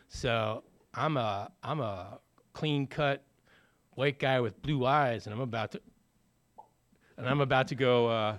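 A man's voice: mid-range voice, a little slow, long pauses. A man telling his personal recovery story in a conversational way, with many fillers and acted-out bits of dialogue. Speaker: speaker sharing a recovery story.

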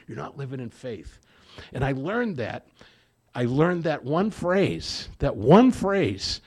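A man's voice: mid-range voice, a little mellow. A man giving a personal testimony at a recovery meeting, plain-spoken, repeating phrases for emphasis and acting out what others said. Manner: storytelling with acted-out quotes.

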